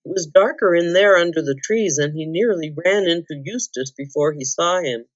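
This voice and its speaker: Calm woman reading a storybook aloud. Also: fairly low pitch, moderate pace, no echo, highs cut off. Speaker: volunteer reader.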